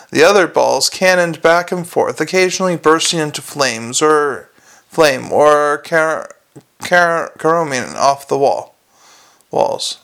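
A man narrating an audiobook, with measured storytelling and small slips. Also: on the high side, fairly bright tone, smooth.

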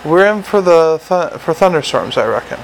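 A man voicing a slow, stolid older male sergeant with earnest, plodding, working-class speech in an audiobook. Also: fairly high pitch, expressive, vocal fry, a little hiss or hum, low-quality recording. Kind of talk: audiobook character reading.

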